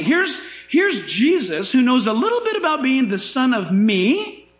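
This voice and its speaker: Male pastor, emphatic sermon, very high voice, echoey church room. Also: unhurried. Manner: animated, emphatic preaching with dramatic asides.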